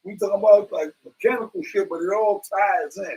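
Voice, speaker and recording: A man's voice: high-pitched, fairly quick, darkish tone, far from the mic, poor audio. A man in a religious brotherhood, talking earnestly and fervently to the group and calling them brother. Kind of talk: impassioned casual preaching.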